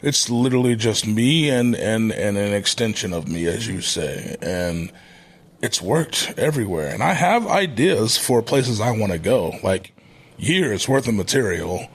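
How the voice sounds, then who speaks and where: A man with a fairly low voice answers questions in a podcast interview. He chooses his words carefully and speaks in a measured, deliberate way, often restarting a phrase to get it right. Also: lively intonation, husky. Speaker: podcast guest, wrestler. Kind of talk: thoughtful interview talk.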